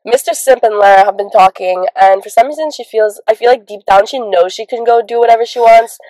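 Young woman podcast cohost, pretty high voice, gossipy and swears a lot, acts out what people said. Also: fairly quick, mellow, no echo, poor audio. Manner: gossipy storyteller, acts out quotes, swears, laughs often. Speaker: podcast co-host. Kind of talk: casual chat.

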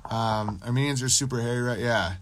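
A man with a medium-pitched voice talks briskly on his podcast livestream. His loose, profane monologue rambles across topics, picks up chat messages, and drops into mocking impressions.

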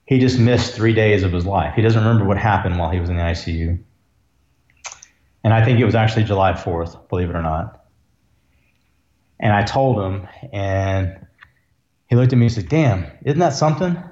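A man's voice: low-pitched, normal speed, pauses often, darkish tone, slight background noise. A man, an ER doctor telling a story as a podcast guest, earnest and reflective. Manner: earnest, reflective, emotional at times. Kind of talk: conversational storytelling. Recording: roomy, dull lo-fi sound.

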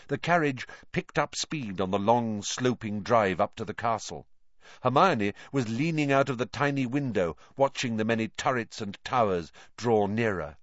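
Man reading a story aloud, lively. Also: mid-range voice, no room sound. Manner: animated storytelling. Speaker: narrator. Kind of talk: audiobook reading. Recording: dull lo-fi recording.

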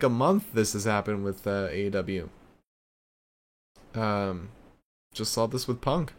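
A man giving a casual video recap of a wrestling show, loose and chatty, with plenty of fillers. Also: on the low side.

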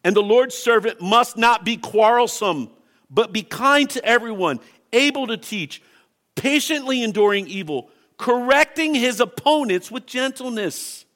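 Impassioned bright-voiced male pastor preaching. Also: extremely high pitch, animated, measured pace. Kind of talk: sermon.

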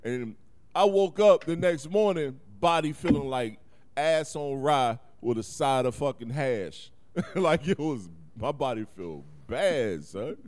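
Animated man telling a story. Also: medium pitch, slow pace. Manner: animated storytelling, profane slang, frequent laughs. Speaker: podcast co-host. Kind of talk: casual chat.

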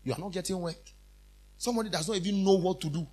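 A male minister preaching a sermon in an emphatic, repetitive style with sudden loud outbursts. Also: high-pitched, fast talker.

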